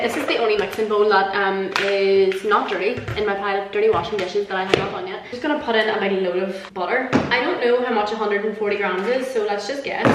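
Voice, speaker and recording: Chatty Irish woman in an echoey kitchen. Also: medium pitch. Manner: chatty, self-mocking, swears casually. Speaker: vlogger. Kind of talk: casual cooking vlog chat. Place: home kitchen. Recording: echoey kitchen with background noise.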